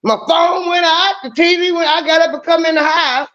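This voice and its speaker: High, emphatic woman on dull lo-fi audio. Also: a little fast, fairly bright tone. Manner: emphatic, profane, storytelling. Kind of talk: casual chat.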